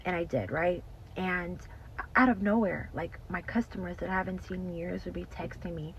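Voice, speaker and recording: A woman's voice: fairly low pitch, normal speed. A woman giving an emotional faith testimony in casual talk. She speaks earnestly, repeats herself, often addresses listeners as y'all, and drops to a whisper at emotional moments. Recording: slightly dull lo-fi audio with faint noise.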